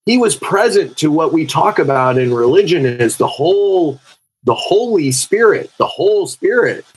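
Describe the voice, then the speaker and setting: A man's voice: fairly high pitch, very animated, moderate pace, slightly rough, rough recording. A man co-hosting a freewheeling spiritual conversation who tells stories with animation and acts out the people in them. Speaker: podcast co-host.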